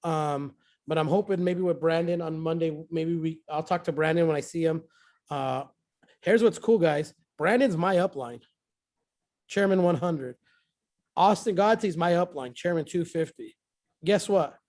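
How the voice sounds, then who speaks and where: In a relaxed pep talk, a man tells his team about a success, getting excited and repeating phrases to drive them home. His voice is fairly high and he takes his time.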